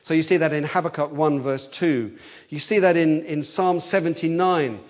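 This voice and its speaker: Earnest guy preaching a bible sermon, kinda high voice, repeats himself, gets louder on the quoted bits. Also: steady tone, normal speed. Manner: earnest, repeats words as he thinks aloud; rises in pitch and force on quoted cries. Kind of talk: expository sermon.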